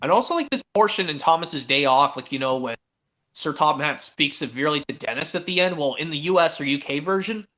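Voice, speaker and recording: A man's voice: fairly high pitch, animated, brisk, sharp tone. A man streamer in casual chat, rambling with lots of restarts. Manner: rambling, full of restarts and fillers.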